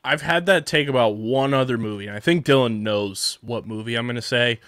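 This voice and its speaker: A man hosting a casual film podcast, handing the floor to others in a relaxed way. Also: medium pitch, brisk, dry recording, studio quality. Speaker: podcast host. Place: podcast studio.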